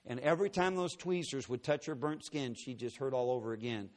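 A man's voice: medium pitch, fairly quick. A middle-aged male preacher telling a personal story in a sermon, acting out the dialogue dramatically.

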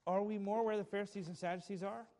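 A man's voice: high-pitched, steady tone, fast talker, a little mellow. A male preacher delivering a sermon with emphatic, repetitive phrasing and light chuckles.

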